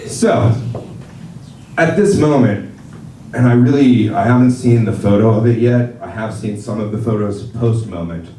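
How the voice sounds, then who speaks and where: A man doing stand-up comedy, telling a story in a profane, animated way and acting out the quotes as he goes. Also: on the low side, moderate pace, a little hiss or hum. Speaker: wedding professional. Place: comedy theater stage. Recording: roomy live stage sound from a distance. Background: audience laughter.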